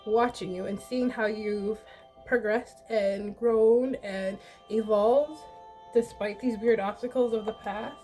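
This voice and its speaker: A woman's voice: on the high side, steady tone, takes it slowly, dark tone, soft background music. A woman giving a casual tarot reading in a blunt, sassy, profane way. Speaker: tarot reader.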